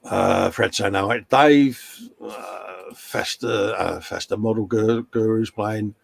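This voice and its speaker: Hombre inglés de voz rasposa y bromista. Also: male voice, lowish voice, slow pace. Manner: jokey, banter-filled, reads chat messages aloud. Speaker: co-host of a live model-building stream. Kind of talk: casual live-stream chat reading comments.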